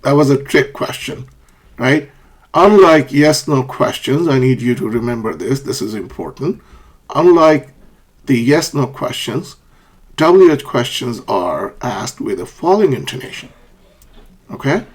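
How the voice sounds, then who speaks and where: A man's voice: animated, measured pace. A man teaching an online English lesson on intonation, reading example sentences aloud with exaggerated rises and falls and checking in with a frequent "okay?". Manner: models example sentences with exaggerated rising and falling pitch.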